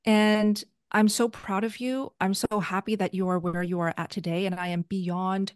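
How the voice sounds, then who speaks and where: A woman's voice: medium pitch, fairly even intonation, normal speed, smooth, no echo, clean studio sound. A woman hosting an interview, gushing with praise in casual chat. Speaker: interview host.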